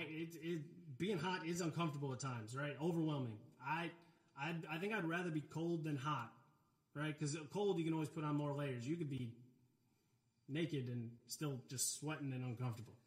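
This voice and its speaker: A male pastor preaching a sermon in a conversational style, with relatable asides and casual filler words. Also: on the high side. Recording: roomy, echoey hall.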